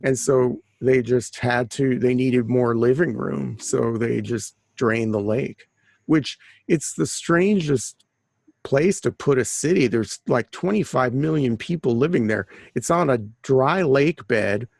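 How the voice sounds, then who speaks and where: A man's voice: mid-range voice, measured pace, vocal fry, darkish tone, no room sound. A man guest on an interview, talking about his books in a rambling, chatty way with many restarts. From Southern California. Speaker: author and guest. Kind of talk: casual conversational interview.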